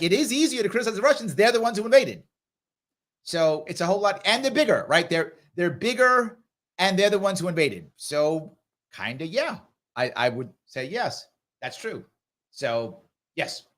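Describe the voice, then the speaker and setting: A middle-aged man hosts a livestream with a slightly high voice and very lively pitch, delivering chatty, direct commentary in a live Q&A. He's animated, speaks straight to his viewers, and acts out other people in quick voices.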